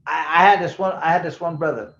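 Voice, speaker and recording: A man's voice: fairly high pitch, fast, gravelly, a bit bright. A middle-aged man, a bail bondsman, telling stories loosely in a casual interview and acting out the voices of people he quotes. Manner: loose, rambling storyteller who acts out quoted voices. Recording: roomy, dull-sounding room.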